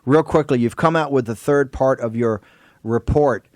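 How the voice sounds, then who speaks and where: A man hosting a political talk radio show, forceful and quick to cut in on his guests. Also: mid-range voice, dry recording, clean studio sound. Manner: forceful, interrupts guests, rapid asides. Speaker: host.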